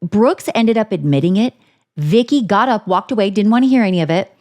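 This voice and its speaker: Woman podcast co-host, fired-up and foul-mouthed, average pitch. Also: expressive, fairly quick, darkish tone. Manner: heated, profane ranting. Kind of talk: casual chat.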